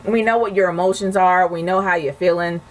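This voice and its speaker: A woman's voice: lowish voice, fairly even intonation, a little fast, low-quality recording. A woman hosting a casual question-and-answer video, chatting frankly and rambling a little as she answers viewers. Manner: chatty, frank, rambling with restarts and light laughs. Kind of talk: casual chat.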